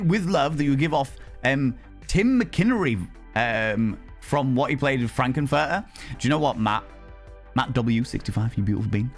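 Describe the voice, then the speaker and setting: A man live-streaming and chatting to his viewers, loud, brash and theatrical, swearing freely. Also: medium pitch.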